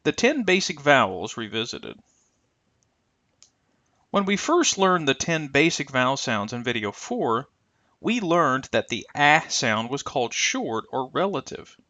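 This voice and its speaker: Lively-voiced man teaching pronunciation. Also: medium pitch, no room sound. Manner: careful, deliberate, stretches example sounds. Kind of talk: scripted instructional narration.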